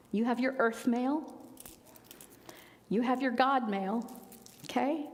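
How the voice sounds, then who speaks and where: A woman minister giving a sermon, telling stories in a conversational way with quiet, emphatic asides. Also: a little high, long reverb tail. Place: church sanctuary.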